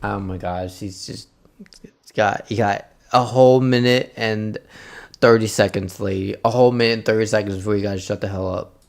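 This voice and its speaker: A man's voice: on the low side, steady tone, normal speed, creaky, a little mellow. A man streaming casual reaction commentary, laughing often, swearing, and telling stories with animation.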